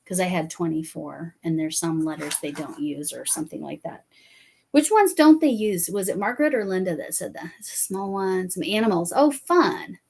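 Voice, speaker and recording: A woman's voice: lowish voice, brisk, gravelly, mellow, husky. A woman hosting a casual live stream, chatting and rambling with many fillers.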